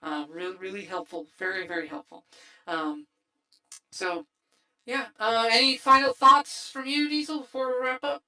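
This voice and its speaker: A man's voice: very high-pitched, fairly even intonation, moderate pace, pushed and bright, poor audio. A man hosting a livestream through a voice changer, rambling casually with lots of fillers and restarts. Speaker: streamer host. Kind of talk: casual stream wrap-up chat.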